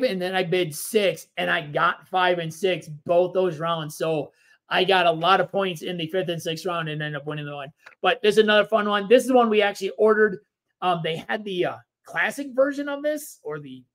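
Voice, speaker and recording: Man, fairly high pitch, casual board game co-host, easygoing rambly explainer. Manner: relaxed, rambling explanations with fillers. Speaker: podcast co-host.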